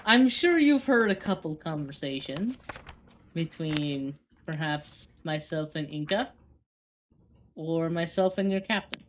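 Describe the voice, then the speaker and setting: A woman narrating as game master of a tabletop game, chatty and a little halting. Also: deep voice, animated, a little hiss or hum.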